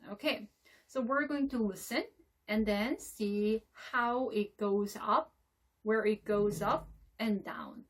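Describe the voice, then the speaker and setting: A woman teaching English intonation in a lecture, explaining step by step and checking in often. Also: fairly high pitch. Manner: explains slowly, with frequent "okay?" checks.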